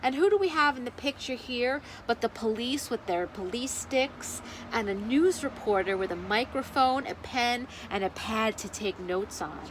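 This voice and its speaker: A woman librarian reading a picture book aloud at children's story time, animated and asking the listeners questions. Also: fairly high pitch, moderate pace, background noise.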